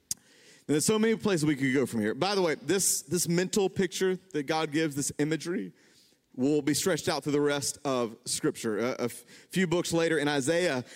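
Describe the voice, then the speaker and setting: A man preaching a sermon, conversational and animated, building to emphatic peaks. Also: a little high. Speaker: pastor. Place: church hall. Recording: reverberant church hall.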